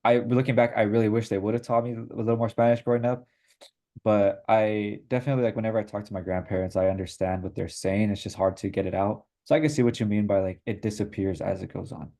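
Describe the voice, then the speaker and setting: A young adult man interviewing for an oral history project, asking questions and agreeing in a relaxed way. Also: on the low side, fast talker, creaky.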